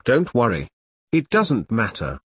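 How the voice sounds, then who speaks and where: A man's voice: medium pitch, wildly swooping pitch, a little slow, breathy edge, dry recording, clean studio sound, heavily acted. A man voicing a wry male soldier who talks in an offhand, dryly joking way.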